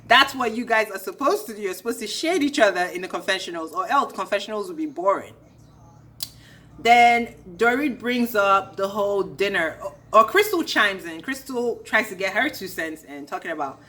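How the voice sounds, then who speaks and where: A woman's voice: medium pitch, animated, moderate pace, fairly bright tone. A young woman ranting through a casual recap of a reality show, sassy and blunt with a gossipy edge.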